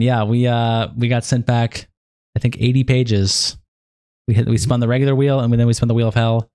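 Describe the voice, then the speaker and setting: A man's voice: mid-range voice, fairly even intonation, moderate pace, warm tone, clean tone, dry recording, studio quality. A young man hosting a livestream in a loose, casual way, cursing freely as he catches viewers up on progress. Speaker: livestream host.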